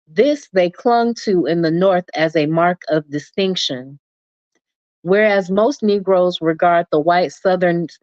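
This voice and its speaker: Slow, deliberate woman reading aloud. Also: fairly low pitch, darkish tone, no echo. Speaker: reader. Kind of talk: reading a nonfiction book aloud. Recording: dull lo-fi dry recording.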